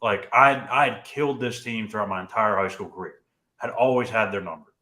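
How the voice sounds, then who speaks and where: A man's voice: fairly low pitch, fairly quick, sharp tone, echoey room. A young man co-hosting a sports podcast, telling a story casually and often saying "dude" and "like". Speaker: podcast co-host.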